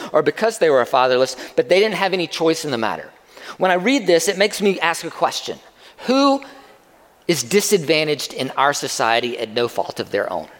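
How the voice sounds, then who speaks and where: Conversational preacher in a big echoing hall. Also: male voice, fairly high pitch. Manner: conversational, repeats key phrases for emphasis. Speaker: pastor. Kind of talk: sermon.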